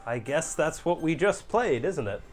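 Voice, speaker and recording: Sarcastic playful man, lively voice. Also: fairly high pitch, normal speed, soft background music. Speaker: streamer host. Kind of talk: casual chat.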